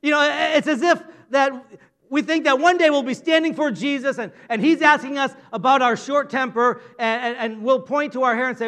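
Guy preaching a sermon, really high voice, jokey and chatty with the crowd. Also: fairly quick, pushed and bright. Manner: playful, conversational, asks the audience.

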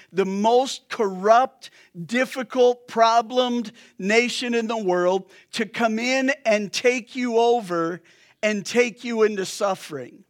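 Male pastor preaching; talks to the congregation conversationally, unhurried and light. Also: high-pitched. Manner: conversational, joking asides to the congregation. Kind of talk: sermon.

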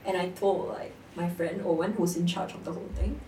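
A young woman in casual conversation, telling an animated story about competitive gaming and laughing often. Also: on the low side, a little fast. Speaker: guest. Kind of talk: casual chat. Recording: echoey room, distant mic, faint noise.

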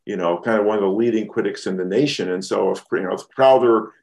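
A man's voice: lowish voice, fast, gravelly, a little mellow. A man co-hosting a podcast, talking through a film in a thoughtful way and often restarting sentences as he builds his point. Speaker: podcast co-host. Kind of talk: casual film discussion.

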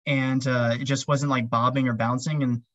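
A man's voice: mid-range voice, level tone, normal speed, a bit bright, no echo, highs cut off. A man chatting casually as an interview guest, rambling with lots of "um" and "like" fillers. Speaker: podcast guest, ultrarunner.

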